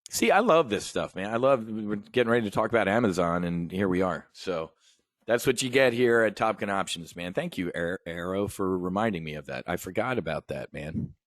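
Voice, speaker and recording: Fired-up options trading host, low voice. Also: male voice, a little fast, dry recording, studio quality. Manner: energetic, rambling, conversational, emphatic. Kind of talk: livestream trade brief.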